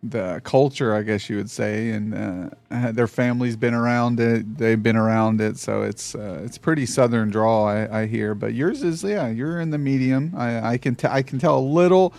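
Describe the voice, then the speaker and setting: A man's voice: mid-range voice, normal speed, gravelly, hardly any pauses, a little mellow, soft background music. A middle-aged man from Tennessee hosting a podcast interview, rambling and chatty with lots of fillers. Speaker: podcast host. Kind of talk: casual interview chat.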